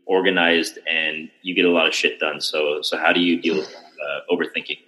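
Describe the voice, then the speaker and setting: A man's voice: extremely low pitch, little pitch movement, moderate pace, bright, forceful tone, rough recording. A young man hosting a podcast, telling a long story in casual chat with lots of restarts and fillers. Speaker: podcast host.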